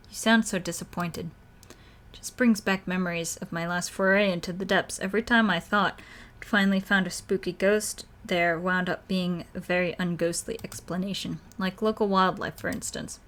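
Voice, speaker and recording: A woman's voice: on the low side, fairly even intonation, moderate pace, fairly bright tone, lightly acted. A woman voicing a cheeky young female ghost hunter in a video game, joking and offhand. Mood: teasing.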